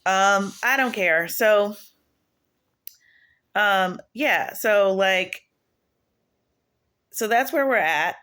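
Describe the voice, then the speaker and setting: A woman's voice: mid-range voice, extremely slow, long pauses, fairly bright tone. A woman preaching casually in a home video, rambling and digressive, often restarting her sentences. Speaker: online prophetess.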